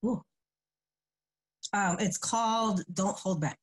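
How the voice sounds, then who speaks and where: A woman educator with a middle-pitched voice talks loosely and with feeling over her phone on a video call. She moves into spoken word poetry, delivered slowly and with force. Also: breathy edge. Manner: laid-back and emotional in chat, slow and forceful when reciting. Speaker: educator and poet.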